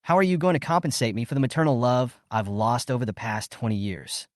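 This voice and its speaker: A man's voice: medium pitch, a little fast, no room sound, clean studio sound, natural voice. A man voicing a cold, contemptuous young man who sneers at his mother in a storybook recap. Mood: cold, sneering. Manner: icy and contemptuous.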